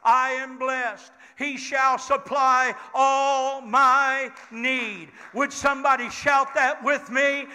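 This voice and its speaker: An older man preaching a Pentecostal sermon in a church, leading the congregation in call-and-response and building up to shouts. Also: very high voice, flat delivery, slow, few pauses, clear, resonant tone. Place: church sanctuary. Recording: church hall reverb with congregation.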